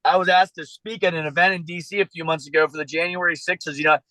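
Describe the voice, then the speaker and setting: A man on a video call, speaking earnestly and haltingly about his struggles, emotional and close to tears. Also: fairly high pitch, steady tone, pushed and bright, no room sound, poor audio. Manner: earnest, halting, many restarts. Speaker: citizen journalist being coached. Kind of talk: emotional personal talk on a coaching call.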